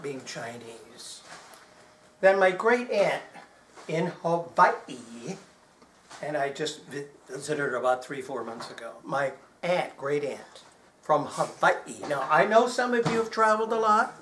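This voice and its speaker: A man's voice: fairly high pitch, expressive, a little slow, fairly bright tone, a little hiss or hum. A man from Texas doing chatty, joking stage patter as a magician, often asking his audience questions. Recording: roomy live hall sound.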